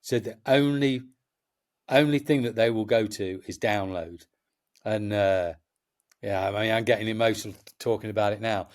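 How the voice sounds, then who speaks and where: A man's voice: fairly low pitch, steady tone, normal speed. A middle-aged man, a festival promoter chatting as a guest and telling stories passionately, with many restarts. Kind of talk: casual chat.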